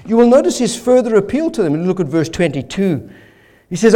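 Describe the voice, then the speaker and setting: High-voiced earnest male preacher. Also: big pitch swings, normal speed, warm tone. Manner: earnest, emphatic, rhetorical questions. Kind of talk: expository sermon.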